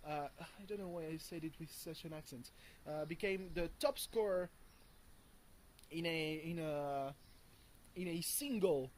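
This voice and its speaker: A French video blogger rambles casually and swears freely while vlogging from home on a hot morning, with lots of fillers and chuckles. His voice is fairly high with a darkish tone, and the audio quality is poor.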